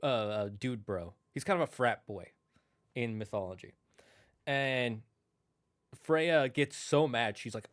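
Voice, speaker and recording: Casually chatting on his stream, this man rambles through old myths and keeps correcting himself. His mid-range voice is expressive and moderately paced, captured with clean studio sound and no echo.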